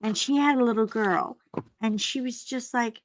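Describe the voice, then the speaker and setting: A woman's voice: fairly high pitch, moderate pace. A woman hosting a casual livestream from home while coloring, rambling chattily and breaking off to talk to her dogs, on a desk mic. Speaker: livestream host.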